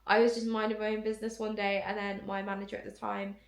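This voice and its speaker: Chatty young woman, creaky voice. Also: medium pitch, little pitch movement, fast. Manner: chatty, many "like" fillers. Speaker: content creator. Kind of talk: casual storytelling vlog. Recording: echoey room.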